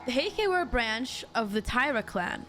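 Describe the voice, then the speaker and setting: Excitable higher-voiced woman gaming streamer. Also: normal speed, soft background music. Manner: excitable, jokey asides to chat. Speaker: VTuber streamer. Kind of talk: let's-play commentary, reading game dialogue aloud.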